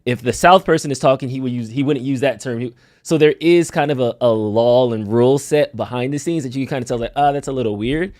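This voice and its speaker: An easygoing man co-hosts a live talk show and explains his points casually, now and then acting out how people talk. His voice sits at a middle pitch and sounds close and dry. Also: fast, darkish tone, dry recording. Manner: easygoing, explains things, acts out quoted speech. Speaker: show co-host.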